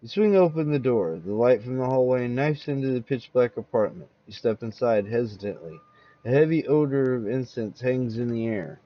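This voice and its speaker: A man reads a horror comic aloud, narrating in the second person with measured suspense. His voice sits at an ordinary middle pitch, and the audio is dull and lo-fi.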